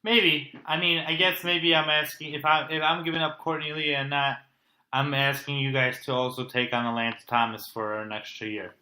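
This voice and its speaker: Bright-voiced man on a roomy podcast. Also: on the high side, level tone, moderate pace. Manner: hesitant, weighs options aloud. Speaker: podcast co-host. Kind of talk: casual sports debate. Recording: roomy echo.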